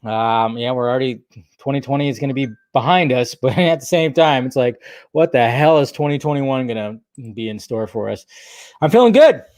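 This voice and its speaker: A man's voice: mid-range voice, brisk, no echo, studio quality. A young man hosting a casual live stream, chatting and greeting viewers by name, with a slight throaty cough. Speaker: livestream host. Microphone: desk microphone.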